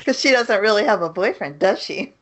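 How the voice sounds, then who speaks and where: A woman's voice: medium pitch, lively intonation, fairly quick, fairly bright tone, slight background noise. A woman co-hosting a podcast, asking pointed follow-up questions and laughing often. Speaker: podcast co-host. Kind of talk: casual podcast chat.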